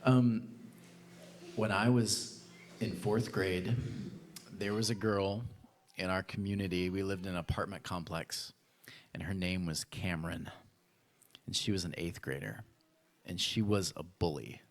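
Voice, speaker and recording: Animated male pastor telling a story. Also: low-pitched, unhurried, long pauses. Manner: animated storyteller acting out his childhood voices. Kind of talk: sermon storytelling. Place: church.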